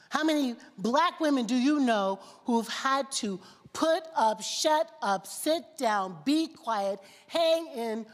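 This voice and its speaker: A woman preaching a sermon with passion, building through rhetorical questions and repeated phrases. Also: fairly high pitch. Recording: long reverb of a large hall.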